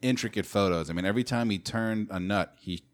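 A man's voice: on the low side, fast talker. A man chatting casually as a podcast co-host, laid-back, jokey and profane. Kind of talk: casual banter.

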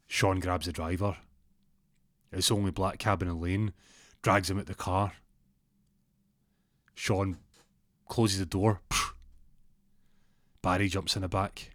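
A man tells a tale in a brisk, colloquial manner, in the present tense. His voice is fairly low. The recording is dry and close. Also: steady tone, a bit bright, dry recording. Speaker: storyteller. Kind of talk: casual spoken story.

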